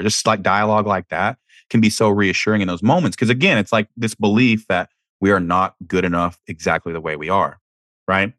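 A man's voice: sits low, brisk, a bit bright, dry recording, studio quality. A young adult man hosting a podcast, giving candid conversational advice and often restarting his words. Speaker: podcast host. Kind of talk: casual advice talk.

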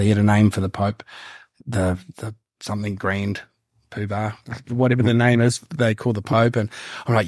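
A man with a New Zealand accent, a guest on a podcast, telling long rambling stories in a relaxed, casual way. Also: lowish voice, a little fast, no echo, studio quality. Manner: rambling, laid-back, laughs while telling stories. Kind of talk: casual storytelling.

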